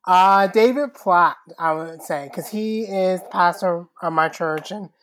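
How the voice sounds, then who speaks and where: A man's voice: high-pitched, a little slow, fairly bright tone. A man, a guest on a podcast, giving short plain answers with small hesitations. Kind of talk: casual group chat.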